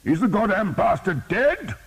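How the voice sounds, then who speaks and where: A man's voice: sits high, sing-song, normal speed, vocal fry, breathy edge, voice pushed up, exaggerated voice. A man voicing a huge, fierce warrior bishop who roars battle cries in an audiobook. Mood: roaring.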